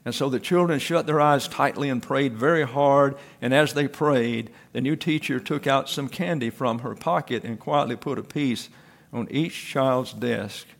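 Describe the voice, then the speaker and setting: A man narrating a story aloud in a steady, unhurried way. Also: medium pitch, vocal fry.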